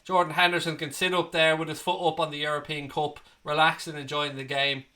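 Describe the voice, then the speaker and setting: Bright-voiced man bantering with chat. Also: on the high side, level tone, fairly quick. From Ireland. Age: 30s. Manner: banter, swearing, joking with viewers. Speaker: fan channel host reading live chat. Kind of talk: casual livestream chat.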